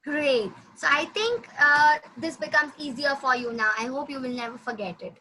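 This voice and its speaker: A woman teaching a language lesson, patiently repeating words slowly for her student. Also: high-pitched, bright, forceful tone, a little hiss or hum, rough recording. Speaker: French teacher.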